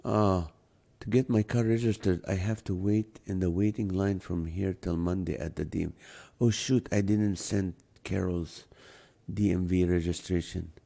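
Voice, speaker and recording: A man's voice: deep voice, fairly even intonation, normal speed, gravelly, mellow. A man with an accent hosting a live stream, reading out a comedy list and chatting with viewers, laughing often. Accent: non-native English accent. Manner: jokey, laughs often, greets viewers by name. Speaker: live show host.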